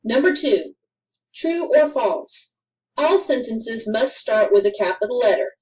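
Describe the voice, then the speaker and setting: A woman reading a grammar lesson for children aloud, in a careful, deliberate way with clear pauses. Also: fairly high pitch, lively intonation, a little mellow, recorded from a distance, low-quality recording. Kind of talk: slow scripted instructional narration.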